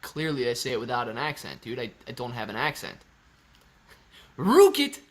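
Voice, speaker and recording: A man's voice: medium pitch, fast, a bit bright. A young man hosting a casual live stream, joking around and reading viewer chat aloud. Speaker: livestream host.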